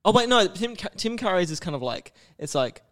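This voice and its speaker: A man co-hosting a podcast, talking in a loose, sweary, joking way. His voice sits a little higher than most men's. He laughs easily and drops into goofy impressions. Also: sing-song, a little fast, a crowd in the background. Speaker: podcast co-host. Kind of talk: casual podcast chat.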